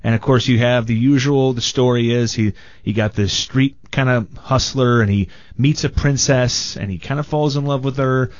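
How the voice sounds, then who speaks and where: A man chatting as a film critic guest on a radio show, animated and mock-quoting people. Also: medium pitch, moderate pace, dull audio. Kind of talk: casual radio banter.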